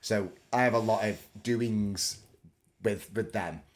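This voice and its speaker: A man's voice: on the low side, takes it slowly. A man from England, a tattoo artist, chatting casually in a jokey, easygoing way. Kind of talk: casual chat.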